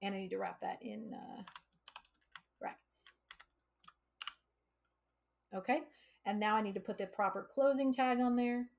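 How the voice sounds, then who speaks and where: A woman's voice: medium pitch, steady tone, a little slow, gravelly, pauses often, a little hiss or hum. Woman live-coding and thinking aloud. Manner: thinks aloud, restarts, uses analogies. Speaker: coding livestream host.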